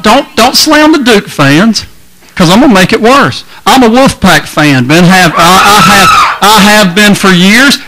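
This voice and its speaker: A middle-aged man preaching a lively, joking sermon to a youth crowd in a large hall. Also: high voice. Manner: folksy, joking, crowd-engaging.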